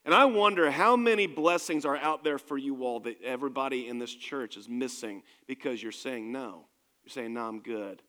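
A man's voice: mid-range voice, a bit bright, big-room sound. A man preaching a sermon as pastor, speaking in an emphatic, conversational way to his congregation in a church.

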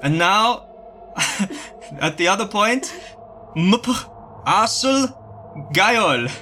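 A man's voice: high-pitched, animated, drawn-out words, pushed and bright, a little hiss or hum. A man playing a tabletop game in character, calling out ritual words for others to repeat and often laughing. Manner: chanting commands, breaking into laughter. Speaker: player leading a ritual in character. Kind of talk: in-character tabletop role-play.

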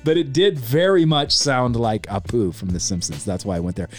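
Male podcast host in his forties, easygoing and rambling, mid pitch, faint music in the background. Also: moderate pace. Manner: laid-back, rambling, says man and dude a lot. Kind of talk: casual podcast chat.

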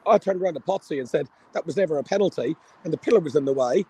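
A man with a slightly high, husky voice talks fast and excitedly down a phone held to his ear. He rambles and swears freely, calling in from the street. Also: dry recording. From Ireland. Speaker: live correspondent at the match. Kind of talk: excited phone call from a match. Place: outdoors near a stadium.

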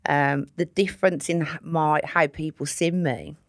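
A woman with a low voice talks in a loose, casual interview. She is blunt and swears freely, poking fun at herself as she goes. The sound is dry and close. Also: fairly even intonation, unhurried, no room sound. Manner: blunt, sweary, self-mocking. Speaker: interview guest, comedian. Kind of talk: casual chat.

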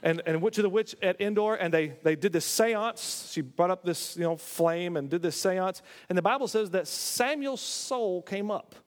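A man's voice: high-pitched, normal speed, few pauses, long reverb tail. A man preaching a sermon, retelling a scripture story with acted-out voices and frequent self-corrections. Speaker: pastor.

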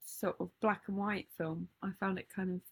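A woman's voice: medium pitch, steady tone, moderate pace, slightly rough. Chatty giggly woman co-host. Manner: chatty, giggly, trails off mid-thought. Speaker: podcast co-host. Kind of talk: casual chat.

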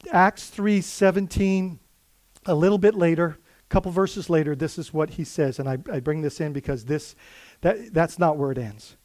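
A man preaches in a fairly high voice, earnest and chatty, often restarting his sentences. The sound is dry and close, with no room echo. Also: normal speed, a little mellow. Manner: earnest, conversational preaching with many fillers and restarts. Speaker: pastor. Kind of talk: sermon.

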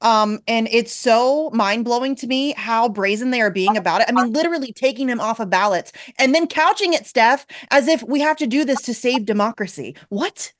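A woman hosting a talk show, introducing her guest and speaking emphatically in casual political chat. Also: on the high side. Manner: emphatic, agreeing, fast asides. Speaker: show host.

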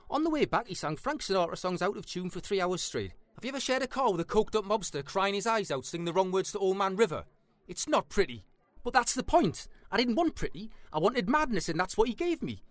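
An actor playing an impatient, sarcastic documentary interviewer in a comedy sketch. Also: male voice, high-pitched, very animated, fast talker, no room sound. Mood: exasperated. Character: exasperated male documentary interviewer chasing violent stories. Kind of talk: scripted comedy dialogue.

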